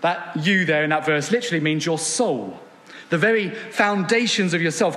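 An earnest evening sermon comes from a man whose fairly high voice has a fairly bright tone and normal speed. Reading scripture and asking rhetorical questions, he speaks in a church gathering room, heard through a long hall reverb.

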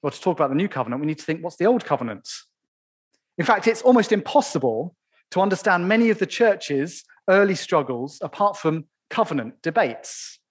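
Male preacher, church sermon, emphatic, rhetorical questions, voice a touch high. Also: big pitch swings, breathy edge. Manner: emphatic, slows down to stress key phrases.

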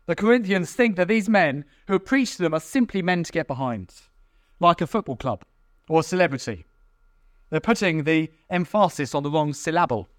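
Male preacher, high and very lively voice, dry close sound, animated sermon delivery. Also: moderate pace, no room sound. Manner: animated, acts out quarrelling church members in mocking voices.

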